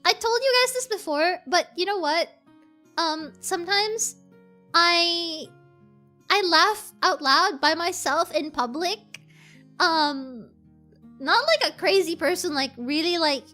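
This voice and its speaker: A young woman with a very high, sharp, bright voice rambles casually to her stream chat, full of "like" and little giggles. Soft background music plays faintly under her close-mic'd talk. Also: lively intonation, slow pace. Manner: rambling, filler-heavy, giggly. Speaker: VTuber streamer. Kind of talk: casual chat with livestream viewers.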